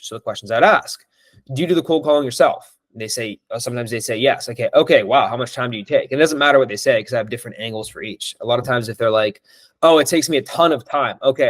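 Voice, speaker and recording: A young man of middle pitch explains his sales pitch in a relaxed, filler-heavy way. He keeps acting out both sides of sales calls as he goes. The recording is dry, with no room sound. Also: no room sound. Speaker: sales coach. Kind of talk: casual teaching monologue.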